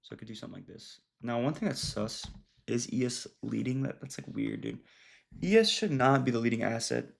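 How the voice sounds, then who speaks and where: Gravelly young man chatting about trading. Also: mid-range voice, lively intonation, a little fast. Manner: loose, filler-heavy, says "dude" and "bro". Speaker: trading educator. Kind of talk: casual screen-share trading recap.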